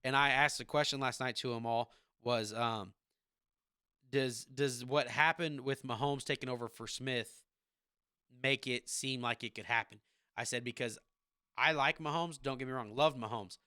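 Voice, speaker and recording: A man in his thirties hosting a casual sports podcast from his home basement, rambling in an animated fan's way. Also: mid-range voice, normal speed, smooth, dry recording, clean studio sound. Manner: rambling, animated football fan. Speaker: podcast host.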